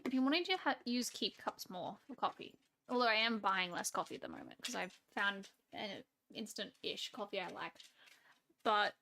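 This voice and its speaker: Australian woman, live-stream chat, rambling, laughs a lot, slightly high voice. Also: sharp tone. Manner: rambling, chatty, laughs often, trails off mid-sentence. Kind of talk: casual chat with a live audience.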